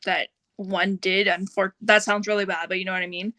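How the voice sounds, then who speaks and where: Young female podcast guest, blunt and candid, crisp bright tone, dry recording. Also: mid-range voice, level tone, a little fast, no room sound. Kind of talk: casual chat.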